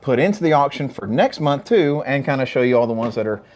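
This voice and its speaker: A man's voice: medium pitch, animated, fast talker, a little mellow. A man, co-hosting a casual livestream and trading teasing jokes. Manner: joking, teasing banter. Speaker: co-host of a gun shop livestream.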